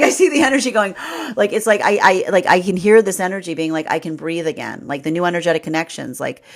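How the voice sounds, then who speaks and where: A woman giving a rambling livestream tarot reading, often acting out imagined inner voices and breaking into laughs. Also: deep voice. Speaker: tarot reader.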